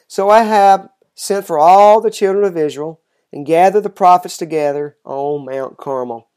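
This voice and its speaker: Scripture reader, measured and steady, middle pitch, slows for the solemn lines. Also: clear, resonant tone. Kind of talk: scripture reading aloud.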